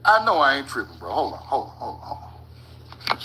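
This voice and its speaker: A channel host reads maps aloud with casual, profane commentary, frequently pausing with "hold on" and laughing at his own points. His mid-range voice swoops wildly in pitch and sounds brisk, bright and forceful. The recording is rough.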